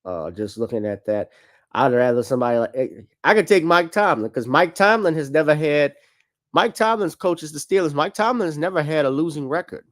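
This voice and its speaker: A man's voice: a little high, animated, fairly quick. A man hosting a casual show, chatting loosely about football and basketball, joking and swearing. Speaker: podcast host. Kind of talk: casual sports commentary.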